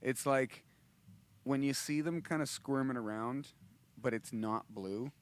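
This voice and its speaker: A man's voice: mid-range voice, a little slow, clean tone. A man hosting a casual livestream, rambling and laughing, restarting his sentences often. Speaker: host and musician.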